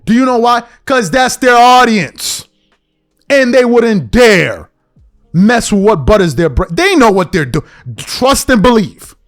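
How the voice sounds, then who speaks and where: High-pitched man ranting, exasperated. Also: very animated, measured pace, faint music behind. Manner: exasperated, repetitive, emphatic. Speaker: podcast host. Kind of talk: heated rant to camera.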